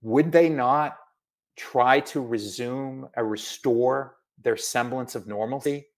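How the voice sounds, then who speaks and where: A middle-aged man from Massachusetts, an author chatting in an interview, animated and full of asides. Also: mid-range voice, slow. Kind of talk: casual video interview.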